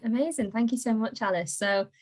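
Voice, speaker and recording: A woman's voice: a little high, a little fast, low-quality recording. A young woman presents as a recruitment marketer in a bubbly, self-mocking, casual style.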